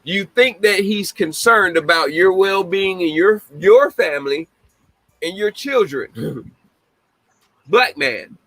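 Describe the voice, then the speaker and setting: A man with a high voice and lively intonation takes it slowly, leaving long pauses, his tone a bit bright. Hosting a podcast, he rants bluntly with heavy swearing and frequent laughter; the audio is poor, with no echo.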